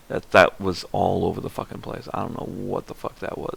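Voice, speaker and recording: A man's voice: low voice, little pitch movement, a little fast, vocal fry, hardly any pauses, breathy edge. A man streaming a game, giving laid-back, swearing, casual commentary.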